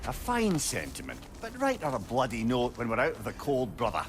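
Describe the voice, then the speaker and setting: A man's voice: medium pitch, huge pitch swings, brisk, noisy background. A man voicing a witty, chatty male talking head in a video game, teasing and fond of riddles and puns. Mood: playful. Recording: game audio with music behind.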